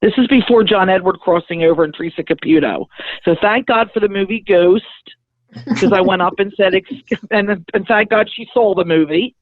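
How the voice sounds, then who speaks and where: A middle-aged woman, a spiritual medium and guest, telling her story in a lively, chatty way and acting out the conversations in it. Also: mid-range voice, normal speed, no room sound. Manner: lively, chatty, acts out the dialogue in her stories. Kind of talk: animated personal storytelling. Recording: thin phone-like dry sound.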